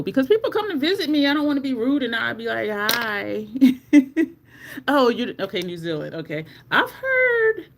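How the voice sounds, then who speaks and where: A livestream host chatting casually with viewers at home while trying out makeup, animated and talkative, calling the audience "y'all". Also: medium pitch, slight background noise.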